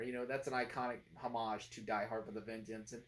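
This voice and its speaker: A young man chatting through a movie review in a loose, rambling way, leaning on fillers and restarting his sentences. He drops into low mutters when he quotes lines. His voice sits at a middling pitch. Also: a little fast, hardly any pauses.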